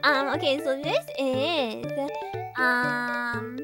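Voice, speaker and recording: A woman's voice: high-pitched, very slow, loud music behind the voice. A woman streaming a game in casual chat, giggling and rambling as she reads riddles aloud.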